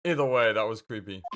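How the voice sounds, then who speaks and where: A woman's voice: extremely low pitch, a bit bright, a little hiss or hum. A woman doing casual let's-play commentary, chatty and thinking aloud.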